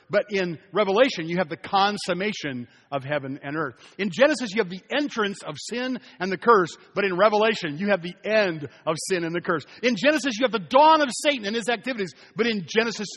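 A man's voice: high voice, fairly bright tone. A man preaching a sermon as pastor, emphatic, repeating key phrases and putting questions to the congregation. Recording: long reverb of a large hall.

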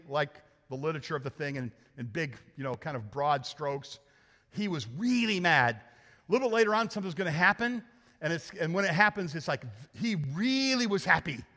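A pastor preaching a lively sermon to his congregation, joking and acting out the characters as he goes. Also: high-pitched. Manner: animated, joking, acts out characters. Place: church sanctuary. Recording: hall reverb.

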